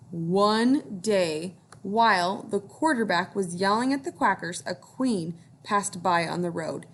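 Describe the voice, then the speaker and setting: A woman's voice: medium pitch, unhurried, hardly any pauses. A woman teacher reading a picture book aloud to young children, encouraging them to join in.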